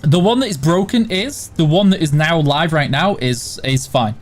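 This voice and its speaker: Chatty stream host with mild Yorkshire accent. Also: male voice, fairly high pitch, normal speed, soft background music. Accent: mild Yorkshire English. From West and South Yorkshire border, England. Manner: matter-of-fact, chatty. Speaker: stream host reading chat. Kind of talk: casual live-stream chat.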